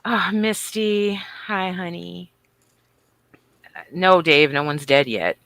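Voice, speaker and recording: A woman co-hosting a casual livestream greets viewers in a bubbly, teasing way, swinging between squeals and mutters. Her voice is lowish and fairly bright, her pace slow, and the recording dry.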